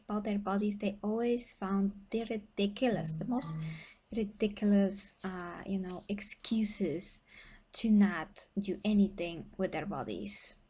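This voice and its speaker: A woman's voice: medium pitch, darkish tone. A young woman talking casually to her viewers about fitness in a blunt, chatty way, with many fillers and restarts. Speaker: fitness vlogger. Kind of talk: casual livestream talk to viewers.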